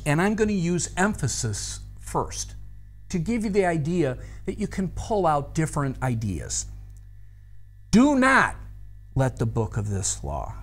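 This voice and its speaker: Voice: medium pitch, a little mellow. A Bible teacher giving a recorded study lesson, explaining a practice step by step and thinking aloud through a verse.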